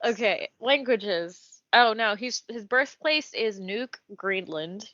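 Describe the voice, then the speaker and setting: A woman's voice: medium pitch, expressive, slow pace, bright, forceful tone, no room sound. A woman reads a character profile on a casual podcast, stopping between fields for joking comments. The recording is dry and a little muffled, with no room sound. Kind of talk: casual chat. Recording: dull, dry podcast audio.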